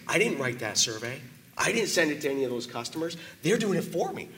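Guy telling his story to a crowd, earnest and choked up, bright edgy voice, a bit worn out. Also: a little high, very animated, fairly quick. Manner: earnest and emotional, with emphatic asides. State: voice worn from talking a lot. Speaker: business owner giving a testimonial. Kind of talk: testimonial speech to a live audience.

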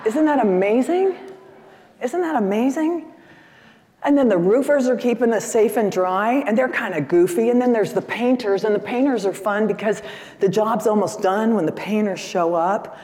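A woman's voice: mid-range voice, normal speed, dark tone. Enthusiastic woman speaking in a hall. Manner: enthusiastic, chatty, engages audience with questions. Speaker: seminar speaker. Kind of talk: live seminar talk with audience. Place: conference hall stage. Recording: echoey hall.

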